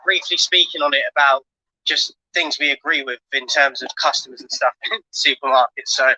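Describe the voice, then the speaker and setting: A man's voice: medium pitch, fairly quick, sharp tone, dry recording, rough recording. An English man co-hosting, plugging tomorrow's show in an upbeat, rambling way. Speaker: co-host. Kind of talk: show promo.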